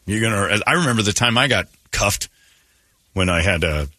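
A man hosting a morning radio show, telling stories in animated casual banter. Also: on the low side, normal speed, no echo. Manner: animated storytelling with quoted voices.

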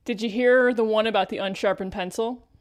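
A woman's voice: mid-range voice, fairly even intonation, fairly quick. A woman co-hosting a podcast in casual chat, a supportive listener with a dry sense of humor who reads out listener questions. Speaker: podcast co-host.

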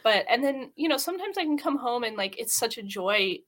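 A woman's voice: on the high side, lively intonation, fairly quick, fairly bright tone. A woman in her thirties, a hospital chaplain, talking earnestly and emotionally in an interview, with many fillers. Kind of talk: interview conversation.

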